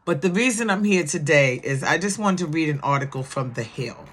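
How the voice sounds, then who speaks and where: A woman's voice: expressive, brisk, husky. Indignant chatty woman vlogger. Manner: chatty, indignant, rises high when upset. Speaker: vlogger commenting on the news. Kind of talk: casual news commentary.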